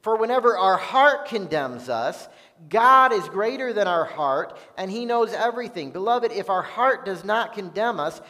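A man preaching a sermon as pastor, earnest and unhurried, reading Bible passages aloud. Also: high voice, sharp tone. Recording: long reverb of a large hall.

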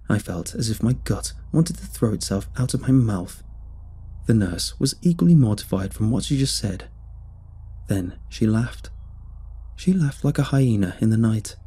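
Male horror storyteller, deep-ish and husky, measured delivery. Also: warm tone. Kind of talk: scripted first-person horror narration.

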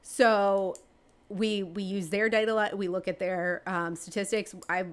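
A woman, answering interview questions in a chatty way, with many fillers and restarts, her pitch jumping up when she gets excited. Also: unhurried, clean tone. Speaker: real estate agent and team leader.

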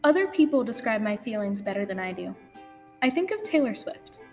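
A woman's voice: medium pitch, sing-song, a little fast, long reverb tail. A teenage girl sharing a personal story in an earnest, confessional spoken-word talk. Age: teens. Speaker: student speaker. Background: guitar music.

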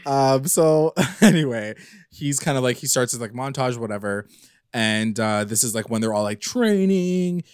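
A man's voice: medium pitch, normal speed, smooth, dry recording, clean studio sound. Chatty man recapping a TV episode. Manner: chatty, animated, acts out characters' lines mid-story. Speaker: podcast co-host. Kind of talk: casual TV recap chat.

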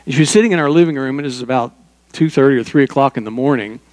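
A man's voice: mid-range voice, rapid-fire, a little mellow, big-room sound. An older man preaching a sermon as pastor, in a conversational way with personal stories and small asides.

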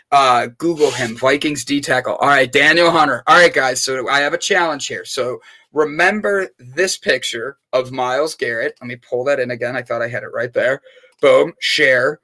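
Upbeat, bright-voiced male livestream host. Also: medium pitch. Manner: upbeat, playful, jokey with chat. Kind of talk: casual live-stream chat.

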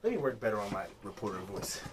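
A man's voice: lowish voice, wildly swooping pitch, normal speed, very noisy. A young man co-hosting a podcast in casual chat, jokey and profane, laughing often as he reads a news story aloud. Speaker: podcast co-host.

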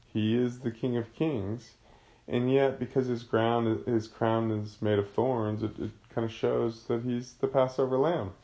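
A man's voice: mid-range voice, mellow. A man teaching a casual Bible study, explaining a passage in a conversational way.

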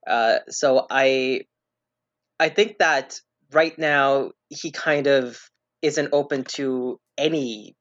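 A man guesting on a film podcast at a middle pitch, weighing his words with plenty of "uh" and "you know". His voice comes through dull and slightly lo-fi. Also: a bit bright. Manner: measured, with frequent "uh" and "you know". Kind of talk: casual film discussion.

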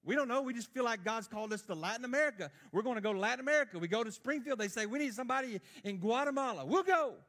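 A man in his fifties preaches with a high, reedy voice. He tells his story earnestly in a sermon, his volume rising into loud bursts and dropping to near-hushed asides. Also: expressive, racing, few pauses. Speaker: missionary preacher.

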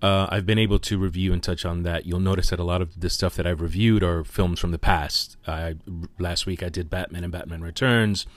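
Deep-voiced man hosting a podcast. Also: fairly even intonation, fairly quick, few pauses, dry recording. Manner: hesitant, with frequent fillers and self-corrections. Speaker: podcast host. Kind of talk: casual podcast commentary.

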